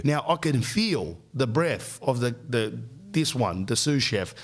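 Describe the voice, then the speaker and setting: Brief: middle-aged male podcast host, comic anecdote, ranting and animated, mid-pitched. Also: moderate pace. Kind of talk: comic storytelling.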